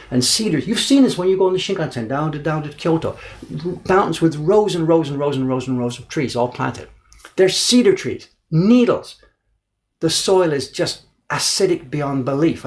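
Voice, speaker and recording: Gravelly-voiced man telling a story. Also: medium pitch. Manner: animated anecdote-telling, acts out quoted voices, repeats words for emphasis. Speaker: printmaker and livestream host. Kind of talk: casual storytelling on a livestream. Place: indoor workshop.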